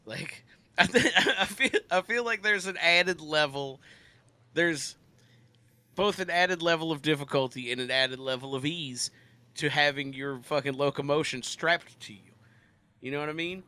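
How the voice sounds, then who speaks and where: A man's voice: fairly high pitch, normal speed, pushed and bright, clear, resonant tone, no echo. A man co-hosting a podcast, riffing with profanity and laughter in casual chat. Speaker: podcast co-host.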